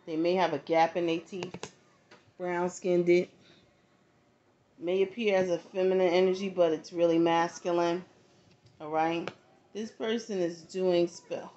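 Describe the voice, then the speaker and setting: A somewhat mellow, low female voice leads a casual tarot reading for viewers, talking to them directly. Not from the American South, she's conversational and often checks in with asides. The lo-fi audio is dull, with a little background noise.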